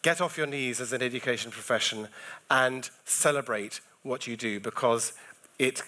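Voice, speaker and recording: A man, a comedian speaking at an education festival, telling stories about his school days with many quick restarts and asides. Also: medium pitch, sharp tone. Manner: restless, jumps between thoughts with many restarts. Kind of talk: keynote talk and anecdotes.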